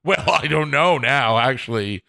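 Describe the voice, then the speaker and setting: A podcast host alone at home speaks with lively intonation in a medium-pitched, creaky, pushed, bright voice, keeping a measured pace. Self-deprecating and rambling, he often chuckles and begins sentences again.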